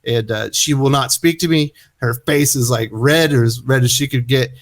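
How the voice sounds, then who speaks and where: A middle-aged man telling a story in casual chat, animated, acting out his own quotes loudly. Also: medium pitch, moderate pace. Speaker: guest.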